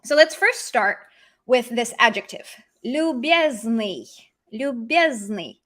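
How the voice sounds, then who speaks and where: A woman's voice: on the high side, animated, slow pace, a bit bright. A woman teaching an online language lesson, talking in a chatty way and acting out sarcastic examples.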